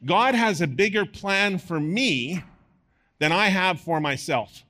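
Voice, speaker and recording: A man preaching a sermon to a congregation, animated and playful, with bursts of sports-commentator delivery. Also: sits high, slow. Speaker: pastor.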